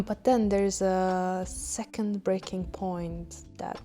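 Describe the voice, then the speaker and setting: Young woman, podcast host, candid storytelling, frequent swearing, mellow tone, faint music underneath. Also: mid-range voice, fairly even intonation, slow pace, few pauses. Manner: frank, swears often, laughs at herself.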